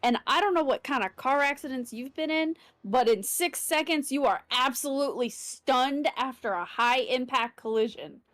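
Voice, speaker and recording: A woman's voice: high voice, normal speed, hardly any pauses, a bit bright, no room sound. A woman playing in a tabletop game, chatting casually and arguing her point bluntly with jokes. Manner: argumentative, blunt, joking. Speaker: player.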